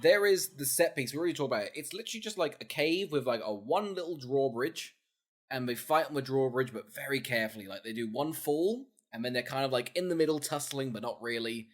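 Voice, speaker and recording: A British man co-hosting a podcast, retelling a film's plot in casual chat, laughing often and dropping in quick mock quotes. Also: medium pitch, animated. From Britain. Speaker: podcast co-host.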